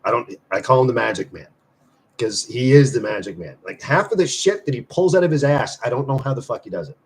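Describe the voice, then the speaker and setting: A man's voice: mid-range voice, lively intonation, fairly quick. Profane, rambling man on a livestream. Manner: loose and profane, swings from loud to mumbled. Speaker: livestream host; semi-retired musician. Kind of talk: casual live chat.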